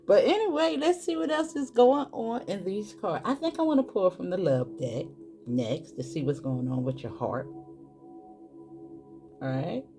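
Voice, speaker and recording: A woman's voice: mid-range voice, a little slow, soft background music. A woman, doing a casual tarot reading and talking straight to her viewers. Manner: animated, exclaiming, talks straight to viewers as boo and y'all. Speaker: tarot reader.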